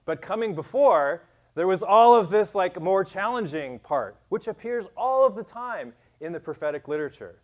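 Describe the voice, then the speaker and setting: A pastor delivering a sermon in a relaxed, chatty way, his voice sitting a little high for a man. He leans on fillers and restarts, then lifts and presses harder when he reads scripture aloud. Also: moderate pace. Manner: casual, conversational preaching with many fillers.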